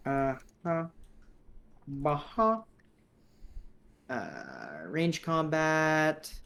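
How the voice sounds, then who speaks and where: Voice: mid-range voice, wildly swooping pitch, very slow, gravelly, fairly bright tone. A game master running a tabletop combat in a casual, rambling way, reading rules aloud and narrating moves.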